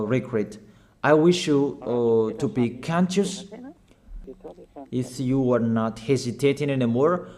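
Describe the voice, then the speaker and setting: Guy preaching real slow, pretty high voice, keeps repeating himself, lots of uhs. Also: darkish tone. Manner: emphatic, repetitive exhortation; slow, halting phrasing with fillers. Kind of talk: sermon.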